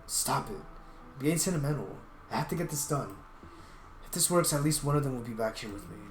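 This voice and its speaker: A man's voice: mid-range voice, animated, a little fast, a little hiss or hum. A man streaming a story game, reading its first-person narration aloud in an earnest, reflective way with small restarts. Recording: roomy echo with game music.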